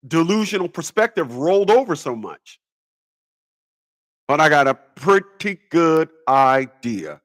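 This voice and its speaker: A man's voice: on the high side, fairly bright tone. A man ranting in a rambling comedic monologue, stammering and repeating words as he goes. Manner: stammers and repeats words, laughs at own jokes. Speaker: vlogger.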